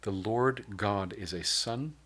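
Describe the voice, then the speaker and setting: A man's voice: on the low side, slow, fairly bright tone. A male pastor preaching a sermon, mixing scripture with casual asides and humor.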